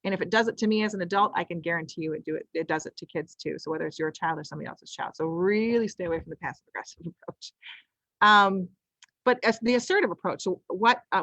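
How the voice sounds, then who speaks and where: A woman's voice: mid-range voice, bright, forceful tone, no echo, poor audio. A woman presenting a conversational training webinar, explaining step by step, often restarting her phrases with ums. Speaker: webinar presenter on child discipline.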